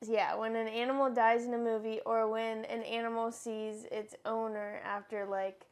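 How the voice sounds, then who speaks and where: A woman's voice: fairly high pitch, flat delivery, moderate pace. A young woman co-hosting a podcast, chatting casually and teasing with easy laughter. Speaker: podcast co-host. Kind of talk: casual chat.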